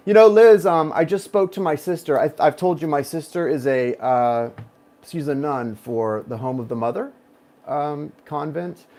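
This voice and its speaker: A man's voice: fairly high pitch, normal speed, darkish tone. A man in his thirties, a tarot reader, talking casually and at length to his viewers, drifting off on personal tangents and addressing them directly. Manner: rambling, digressive, talks straight to viewers. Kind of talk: casual chatty reading to viewers.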